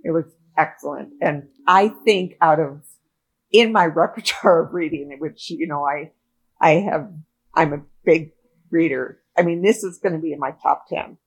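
A woman's voice: sits low, normal speed, slightly rough, low-quality recording. A woman co-hosting a podcast, chatting earnestly about a book and often restarting her sentences. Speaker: podcast co-host. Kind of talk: casual book club chat.

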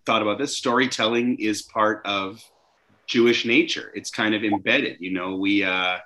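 A man from Canada hosting a talk show, chatting in a lively way with frequent restarts. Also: lowish voice, normal speed. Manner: animated, chatty, many restarts. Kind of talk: casual conversation.

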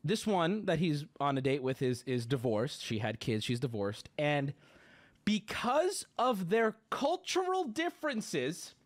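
A man's voice: on the high side, very animated, measured pace. A man in his late twenties, hosting a livestream, ranting indignantly and swearing as he talks. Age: late 20s. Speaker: livestream host. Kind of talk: casual livestream rant.

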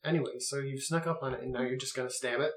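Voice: mid-range voice, steady tone, very fast, very noisy. Rambling game master, roomy echo. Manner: loose, rambling descriptions full of "like". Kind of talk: narrating a tabletop game.

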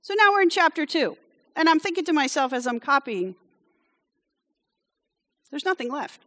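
A woman with a high voice preaches in a church. She tells the story in a chatty, conversational way, breaking off for wry asides and checking in with "okay?". Her voice rings with the long reverb of a large hall. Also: big pitch swings, fairly quick, a bit bright. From France.

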